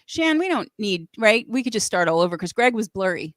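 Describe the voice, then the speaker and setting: A woman's voice: mid-range voice, big pitch swings, a little fast, fairly bright tone, no room sound. A woman hosting a casual livestream, chatting in a playful, joking way. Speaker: host.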